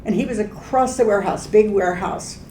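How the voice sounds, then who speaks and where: An older woman, a retired employment specialist, telling animated stories with laughter in an oral history interview. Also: medium pitch, a little fast. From Ohio, United States. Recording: echoey room with faint background noise.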